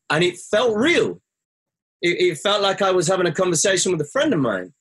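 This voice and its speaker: On the high side and a bit bright, this man's voice carries a personal story he tells as a guest. He sounds earnest and reflective, and his voice jumps up sharply each time he quotes his own words.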